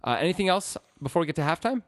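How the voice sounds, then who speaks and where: A man hosting a casual sports podcast, chatting in a lively, rambling way. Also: fairly high pitch, very fast, no echo, studio quality. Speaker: podcast host.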